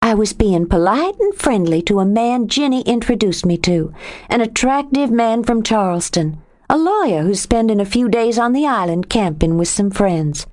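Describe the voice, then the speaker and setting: A woman narrator voicing a proud, sharp-tongued young woman in an audiobook. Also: on the high side, lively intonation, normal speed, voice pushed up, natural voice. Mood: indignant.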